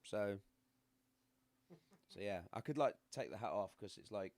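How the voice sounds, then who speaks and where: A man's voice: lowish voice, a little slow, gravelly, a little mellow. A middle-aged man with a northern English accent, chatting casually and rambling as a live-stream host at home, laughing often. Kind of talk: casual chat. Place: home room.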